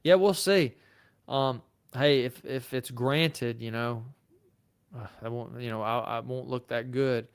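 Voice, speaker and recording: Southern male lawyer, livestream host, chatty and off the cuff, smooth resonant tone. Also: mid-range voice, unhurried. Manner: casual and chatty, thinks aloud with fillers and restarts. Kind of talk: live Q&A, reading viewer comments.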